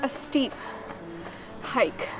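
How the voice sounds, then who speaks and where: A woman's voice: drawn-out words, over music, poor audio. A woman filming a casual vlog outdoors on a steep forest trail, out of breath and chatty, poking fun at herself. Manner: breathless, chatty, self-deprecating. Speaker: vlogger.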